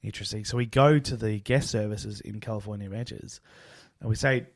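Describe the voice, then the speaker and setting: A man's voice: on the low side, a little fast. A man, co-hosting a podcast and casually telling a travel story, acting out quoted lines. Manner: relaxed, acts out quoted dialogue. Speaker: podcast co-host.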